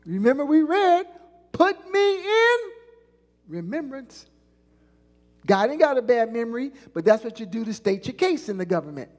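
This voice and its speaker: A woman's voice: a little high, big pitch swings, normal speed, warm tone. A woman pastor preaching a sermon, leading call-and-response and stretching out key lines for emphasis. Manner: call-and-response preaching, prompting the congregation to repeat phrases. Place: church sanctuary. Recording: long church reverb.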